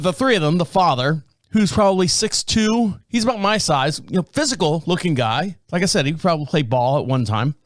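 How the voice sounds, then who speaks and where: Man, podcast host, casual storytelling, chuckling, animated, fairly high pitch. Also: no room sound. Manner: animated, chuckling, acts out quotes.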